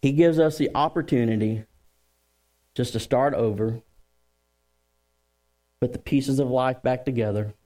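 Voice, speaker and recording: Joking storytelling pastor. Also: male voice, medium pitch, a little slow, pauses often. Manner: joking, storytelling, lively crowd work. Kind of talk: sermon. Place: church.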